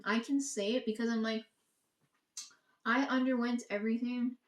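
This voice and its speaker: A woman's voice: a little high, steady tone, fairly quick. A woman in a casual, profane monologue, ranting and quoting herself and her family. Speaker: vlogger. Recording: echoey room.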